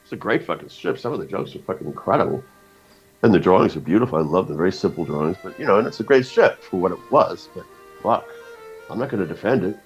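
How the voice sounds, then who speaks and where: Man, low voice, profane rambling storyteller, slightly dull lo-fi audio. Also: expressive, quick pace, slightly rough, soft background music. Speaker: guest cartoonist. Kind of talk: casual podcast conversation.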